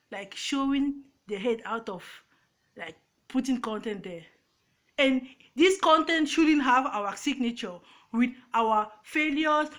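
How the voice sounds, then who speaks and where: Here a YouTuber with a Cameroonian accent vents casually at her phone's front-facing camera, pressing her points with feeling and frequently starting over. She has a high voice and a fairly bright tone.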